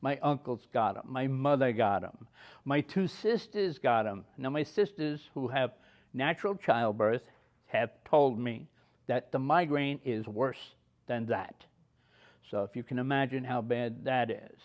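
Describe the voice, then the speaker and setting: A man's voice: mid-range voice, animated, measured pace. A man in his seventies, an army veteran, telling personal stories in a plain-spoken way. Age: 70s. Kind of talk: personal war storytelling.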